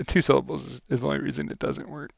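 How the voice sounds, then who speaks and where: A man's voice: mid-range voice, little pitch movement, rapid-fire, gravelly, dull audio. A man co-commentating a card game tournament in a casual, chatty way, laughing often and using many fillers.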